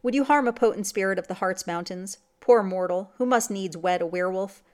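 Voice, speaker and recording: A woman's voice: medium pitch, a little fast, natural voice. A woman playing a scornful, menacing hunter. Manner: loud, scornful threats. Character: vengeful hunter, grown man, menacing.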